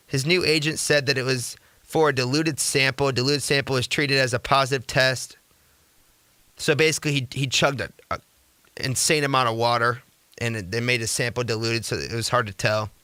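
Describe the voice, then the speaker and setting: A young man hosting a casual sports talk radio show, energetic and rambling, who slips into rhetorical rants. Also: medium pitch, normal speed, no room sound.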